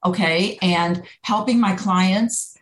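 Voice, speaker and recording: Animated woman in an echoey room. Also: slow pace. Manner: animated storyteller, acts out quotes in higher pitch. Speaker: HR consultant, guest. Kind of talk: conversational interview.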